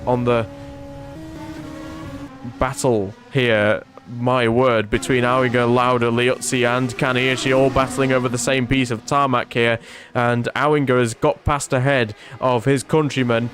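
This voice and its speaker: A male commentator calls a racing game in a loose, chatty livestream manner. His mid-range voice stays conversational, then climbs when drama hits the track. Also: mid-range voice. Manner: chatty, rises excitedly at incidents, asides to chat. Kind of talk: casual livestream race commentary.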